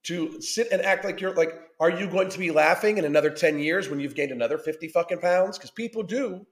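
A man's voice: high-pitched, brisk. A man hosting a podcast, ranting through a blunt, combative reaction commentary full of swearing. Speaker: podcast host. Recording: roomy echo.

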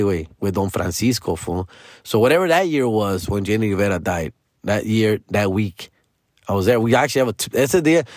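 A man's voice: mid-range voice, no room sound, clean studio sound. A man, telling a rambling personal story in casual slang as a comedian. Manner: slangy, rambling, peppered with "dog" and "fool".

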